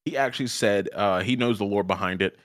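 A man with a low voice recaps anime episodes in loose, rambling chat and keeps stopping to restart his sentences. The sound is dry and close to the mic. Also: fairly quick, no room sound. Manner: rambling, many fillers and restarts, laughs often. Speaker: podcast co-host. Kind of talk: casual chat.

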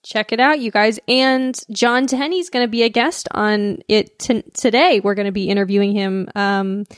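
A woman's voice: mid-range voice, fairly even intonation, moderate pace, dry recording, clean studio sound. A woman co-hosting a podcast who talks a lot and often restarts her sentences. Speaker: podcast co-host. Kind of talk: casual podcast chat.

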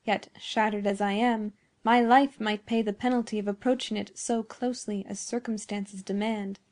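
A woman's voice: mid-range voice, fairly even intonation, moderate pace, darkish tone, natural voice. A woman doing a frail old father, infirm voice. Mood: grave. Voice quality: weak, infirm voice. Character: infirm, cautious old male gardener-scientist.

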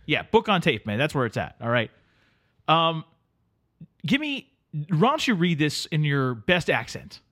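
A man's voice: on the high side, very animated, measured pace, long pauses, bright, forceful tone, exaggerated voice. A man playing a pushy, self-important audiobook studio engineer who talks down to his client and mutters asides, in a comedy sketch. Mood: exasperated. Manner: impatient, condescending, mutters asides.

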